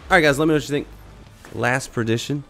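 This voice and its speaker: A man's voice: medium pitch, quick pace, pushed and bright, a little hiss or hum. A man with a cold, coughing now and then while casually commenting on his live gameplay and chatting to teammates and viewers. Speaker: gaming streamer.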